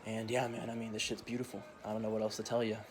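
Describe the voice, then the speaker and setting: A man's voice: fairly low pitch, monotone, quick pace, over music. Young man ranting, slangy vlog. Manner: slangy, profane, laughs often. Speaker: vlogger. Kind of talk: casual rant to camera.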